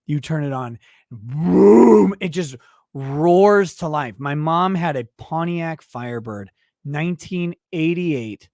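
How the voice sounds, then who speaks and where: A man hosting a casual show, talking profanely and swinging between low muttering and loud angry ranting. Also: no echo, studio quality. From United States. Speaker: show host.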